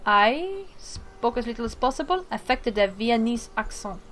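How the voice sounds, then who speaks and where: A woman's voice: on the high side, normal speed, a little hiss or hum. Woman reading game text aloud. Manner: reads narration, then breaks off into excited asides. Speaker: let's play streamer.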